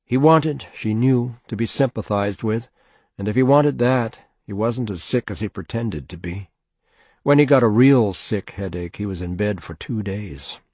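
Low-voiced man reading a novel. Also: slightly rough, no echo. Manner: steady, measured storytelling. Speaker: narrator.

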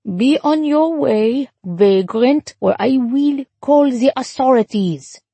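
A woman's voice: high-pitched, lively intonation, dark tone, breathy edge, no echo, voice pushed up, exaggerated voice. A woman playing an ancient, scolding concierge. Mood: haughty scolding. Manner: slow, haughty, scolding. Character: ancient tiny suspicious female concierge. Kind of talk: audiobook character voice.

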